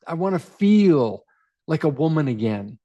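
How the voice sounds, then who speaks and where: A man's voice: a little high, big pitch swings, a little slow, mellow, dull audio. A man putting on the voice of a married woman coaxing him on a night out, in a light, pleading tone.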